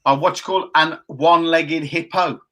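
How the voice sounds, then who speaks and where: A man's voice: on the high side, steady tone, normal speed, sharp tone. A man in his fifties co-hosting a casual live chat show, chatty and jokey as he reads out viewer comments. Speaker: co-host.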